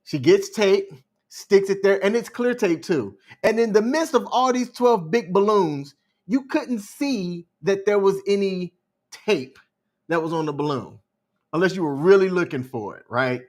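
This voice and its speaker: A man co-hosting a podcast, telling a story in a calm, measured, unhurried way. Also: sits high. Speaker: podcast co-host. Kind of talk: casual storytelling chat.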